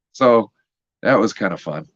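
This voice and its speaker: A man joining a sports chat as a guest, telling an animated story as a frustrated fan. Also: on the low side, dry recording, lo-fi sound. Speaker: guest co-host.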